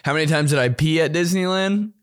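A man's voice: on the high side, fast talker, no echo, studio quality. A young man hosting a podcast, telling a story in a casual, profane, slangy way and laughing often. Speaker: podcast host.

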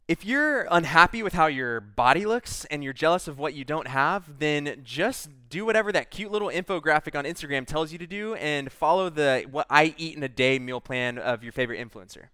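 A man's voice: fairly high pitch, pushed and bright, clean tone, dry recording. A man preaching a sermon, reading scripture aloud and stopping to explain it in a conversational way. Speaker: pastor.

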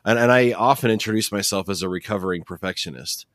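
Low-voiced man, reflective host. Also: fast, fairly bright tone, dry recording, studio quality. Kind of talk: conversational interview.

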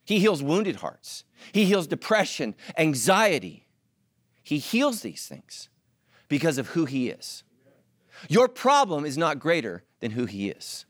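A middle-aged man preaching a sermon with animated delivery and joking asides to the congregation. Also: a little high, a little slow, no echo. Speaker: pastor.

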